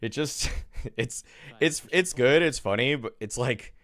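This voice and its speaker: A man streaming, talking casually and haltingly, often restarting his sentences. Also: medium pitch, fairly bright tone, dry recording.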